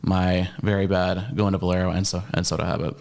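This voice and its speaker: A man's voice: sits low, little pitch movement, fairly quick, gravelly, darkish tone. A man appearing as a guest, explaining his spending in a hesitant, rambling way. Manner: rambling, hesitant, many fillers and restarts. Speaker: guest with debts.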